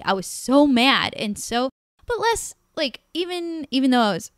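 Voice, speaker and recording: A woman who is a guest on a podcast, retelling a painful date in an animated, emotional way and swearing often. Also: high-pitched, moderate pace, no echo, clean studio sound. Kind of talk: personal storytelling in a podcast chat.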